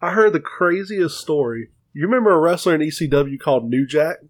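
A man's voice: a little high, fairly quick, no echo. Profane storytelling man, dry close mic. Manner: profane, animated retelling with quoted voices. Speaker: podcast co-host. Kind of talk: casual chat, storytelling.

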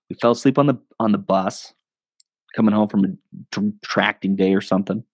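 A man, a podcast guest, telling stories in a loose, animated way, full of fillers and quick laughs. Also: fairly low pitch, dry recording. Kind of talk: casual storytelling.

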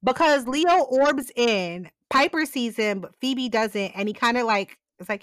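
Woman kinda high-pitched recapping a tv show, does all the voices, laughs a lot, dry close mic. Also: measured pace, few pauses, dry recording. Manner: animated retelling, acting out characters' lines, frequent laughs. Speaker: podcast co-host recapping a TV episode. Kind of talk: casual recap chat.

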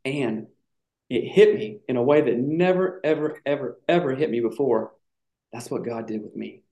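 A man's voice: mid-range voice, moderate pace, mellow, lo-fi sound. Man, reflective storyteller, casual podcast chat, echoey room.

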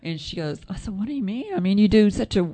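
A woman telling a personal story in casual chat, soft-voiced, rambling and correcting herself as she goes. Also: mid-range voice, expressive, quick pace. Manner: rambling, self-correcting storyteller with frequent laughs.

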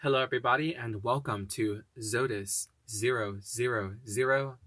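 A man hosting a solo podcast, chatting casually and reading slow, deliberate affirmations in an encouraging, upbeat way. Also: medium pitch, a bit bright, no room sound. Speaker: podcast host.

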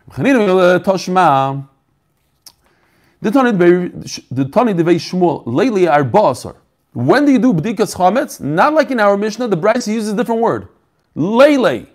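A man teaching a Talmud lesson, asking questions and answering them, repeating his phrases as he explains. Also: high-pitched. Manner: mixes Yiddish-flavored terms into English. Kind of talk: daf shiur, teaching aloud.

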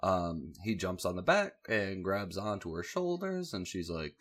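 A man's voice: low-pitched, big pitch swings, unhurried, fairly bright tone. A man casually recapping a show with sarcastic, profane asides and offhand jokes. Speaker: video host recapping a show.

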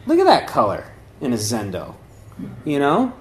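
A man's voice: medium pitch, wildly swooping pitch, normal speed. Rambling man giving a casual spiritual talk. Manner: rambling and conversational, many fillers and restarts. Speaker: meditation and yoga teacher. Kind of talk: informal dharma talk. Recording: echoey room.

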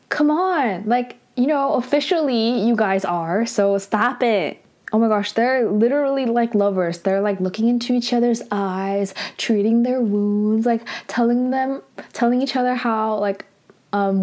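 Chatty young woman recapping a drama. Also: mid-range voice. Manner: chatty, heavy use of "like", excited outbursts. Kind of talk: casual episode recap.

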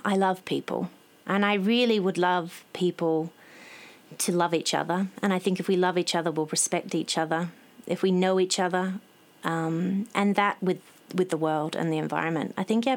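A woman in her thirties speaks as a guest in a relaxed chat, earnest and passionate, often circling back to restart her thoughts. Her voice sits a little low for a woman. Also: normal speed. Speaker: guest author and nutritionist. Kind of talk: casual interview chat.

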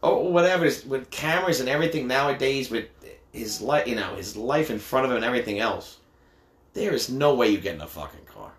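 A man's voice: medium pitch, animated, fast talker. A middle-aged man, a father, talking bluntly and swearing a lot in casual banter with his teenage son. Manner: blunt, heavy swearing, teasing. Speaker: father, podcast co-host. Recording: echoey room.

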